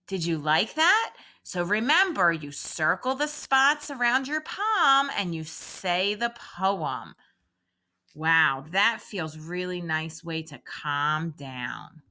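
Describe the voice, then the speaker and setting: Slow, lively-voiced woman reading to children. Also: on the low side. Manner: slow, sing-song guiding of a calming exercise. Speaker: teacher reading aloud to children. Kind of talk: read-aloud lesson for young children.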